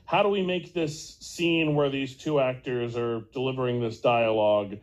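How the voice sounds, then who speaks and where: A young man chatting casually on a podcast, telling jokey stories about a film. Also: mid-range voice. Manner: jokey, quick storyteller.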